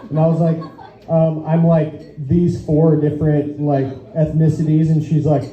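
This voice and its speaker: In an echoey, lo-fi recording from a small comedy venue, a young stand-up comic speaks in a warm, fairly high voice with a level tone and unhurried pace. His set rambles, he swears often, and he laughs at his own jokes.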